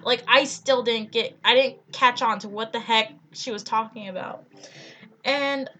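On a podcast, a young female co-host recounts something funny in a loose, animated, giggly manner, leaning heavily on "like." She talks at a moderate pace in a fairly high voice.

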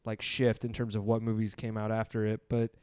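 A man with a smooth, clean voice hosts a laid-back movie podcast. He rambles loosely and pokes fun at himself. The sound is dry and close, with no room around it. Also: on the low side, monotone, fairly quick, a little mellow, no room sound. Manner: loose, rambling, self-deprecating. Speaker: podcast host. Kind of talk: casual podcast chat.

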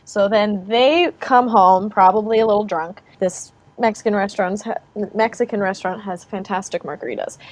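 A woman in her twenties, co-hosting a podcast and telling a shared childhood story in casual chat, laughing often. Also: mid-range voice. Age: 20s. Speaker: podcast co-host.

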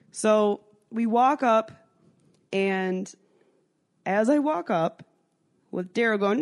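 A woman co-hosting a podcast spins a rowdy night-out story in a casual chat. Her delivery is lively and profane, and she jumps into the voices of everyone in the tale. Her pitch sits right in the middle for a woman. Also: takes it slowly, pauses often. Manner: animated, swearing, acts out voices in her story. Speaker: podcast co-host.

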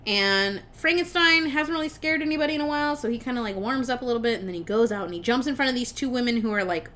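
Talking quickly in a somewhat high voice, a young adult woman recounts a movie's story on the podcast she co-hosts. The recap is casual and lively, full of swearing and her own laughter.

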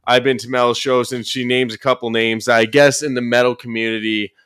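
Smooth and a little fast, a medium-pitched male voice chats casually as a podcast host and commentary YouTuber. His storytelling is loose and profane, punctuated by abrupt bursts of emphasis.

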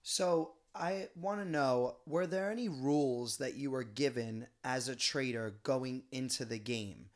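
A man's voice: medium pitch, measured pace, hardly any pauses. A young man hosting a casual chat, asking curious, somewhat hesitant questions.

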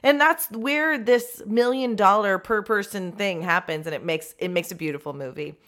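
A woman co-hosting a podcast in casual chat, playful and animated, with laughing asides. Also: medium pitch, moderate pace. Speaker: podcast co-host.

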